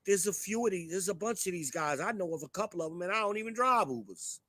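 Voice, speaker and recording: A middle-aged man talks straight at his audience in a blunt, profane rant, pitched a bit higher than most men. The sound is close and dry, with no room around it. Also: animated, fast, fairly bright tone, no echo. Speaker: show host. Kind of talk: ranting commentary to a live chat.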